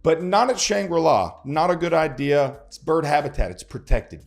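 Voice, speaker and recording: A man's voice: a little high, lively intonation, moderate pace, vocal fry. Folksy man hosting a vlog. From Texas. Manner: folksy, chatty, repeats words when stumbling. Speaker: host, local lender. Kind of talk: casual vlog talk to camera.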